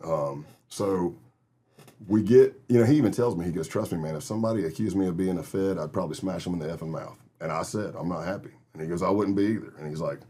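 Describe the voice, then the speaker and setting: Middle-aged man, deep voice, husky, vivid interview storyteller. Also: fast talker, mellow. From Texas. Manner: vivid storyteller who acts out other people's lines. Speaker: guest, retired FBI agent.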